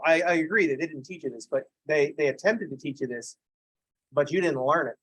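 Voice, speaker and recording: Male math instructor, higher-pitched, dry close sound, chatty and self-deprecating. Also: brisk, fairly bright tone, slightly rough, dry recording, poor audio. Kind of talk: lecture with digressive anecdotes.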